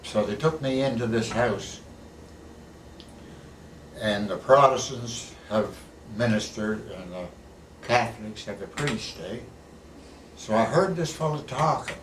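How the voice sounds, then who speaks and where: Slow and full of long pauses, this older male veteran tells folksy stories in a low voice during a casual interview. He's plain-spoken and tacks "eh" onto his sentences. The mic sits far off in an echoey room, picking up faint background hiss.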